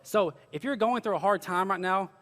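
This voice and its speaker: A man's voice: sits high, moderate pace, fairly bright tone, long reverb tail. A young man preaching a sermon, telling stories with earnest, casual asides. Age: young adult. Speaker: pastor.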